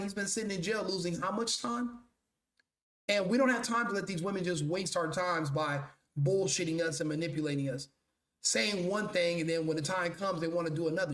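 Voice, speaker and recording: High-voiced man ranting bluntly, roomy echo. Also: fairly bright tone. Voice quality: blunt, profane, mocking. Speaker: commentary show host. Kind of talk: profane commentary rant.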